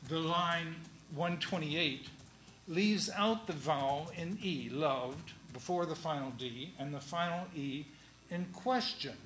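A man teaching a class on verse and syllables, speaking slowly and deliberately with many pauses. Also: a little high, fairly bright tone, echoey room, rough recording.

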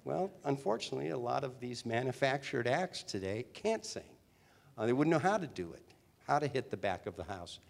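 A man's voice: mid-range voice, a little fast, gravelly. Chatty older man telling stories. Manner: chatty, animated, with restarts. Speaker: guest, former teen singer and actor. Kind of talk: storytelling interview talk.

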